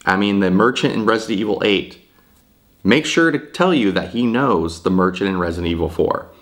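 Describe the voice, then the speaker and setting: A man's voice: lowish voice, animated, a little fast. A man giving a casual, rambling video game review, hesitant with lots of fillers and frequent swearing.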